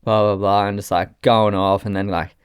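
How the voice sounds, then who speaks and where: A man's voice: lowish voice, little pitch movement, normal speed, clear, resonant tone, no echo, studio quality. A young Australian man, a guest photographer, telling stories in a rambling, casual way with heavy swearing. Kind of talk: casual chat.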